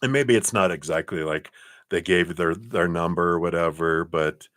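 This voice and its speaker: A man's voice: sits low, normal speed, dry recording, clean studio sound. Chatty man giving tarot readings. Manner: chatty and rambling, laughs often, warm spiritual blessings. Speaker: tarot card reader. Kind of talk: live-streamed card reading.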